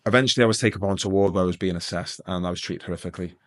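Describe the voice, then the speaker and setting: A man's voice: low voice, rapid-fire. A middle-aged man from England telling his life story in an interview, rambling and restarting, with jokes along the way. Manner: rambling, self-interrupting, joking. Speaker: guest.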